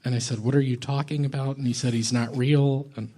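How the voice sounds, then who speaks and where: A man in his thirties doing a halting, deadpan stand-up set with odd pauses on a comedy club stage. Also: medium pitch. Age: 30s.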